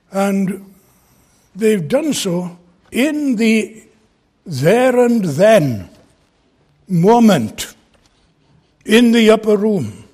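A man's voice: sits high, a little mellow. A man preaching an expository sermon from a pulpit, earnest and emphatic as he explains a Bible passage. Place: church pulpit.

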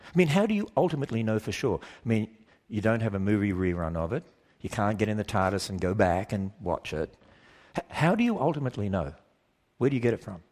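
A man giving an emphatic talk to a church audience, firing questions at the listeners and acting out quoted voices in quick exchanges. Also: fairly low pitch, sing-song, a little mellow. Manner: acts out quoted voices in quick back-and-forth. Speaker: speaker.

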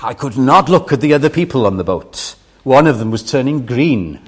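A man's voice: medium pitch, animated, normal speed, slightly rough. An older man preaching a sermon, earnest and pleading, rising in fervour on key phrases.

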